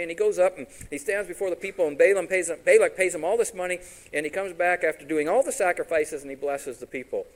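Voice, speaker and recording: A man whose voice sits high speaks at a quick pace in a low-quality recording of a sermon. Full of animation, he retells a story by acting out each character's words and posing questions to the congregation.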